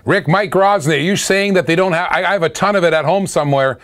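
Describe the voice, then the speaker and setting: A man's voice: sits high, fast talker, a bit bright. A middle-aged man from Canada hosting a live auction stream, calling bids, laughing and chatting with viewers.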